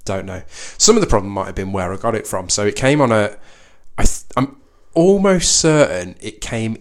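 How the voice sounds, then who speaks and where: A man's voice: fairly low pitch, lively intonation, normal speed. A man co-hosting a casual film chat, making wry asides and hesitating as he talks. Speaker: podcast co-host.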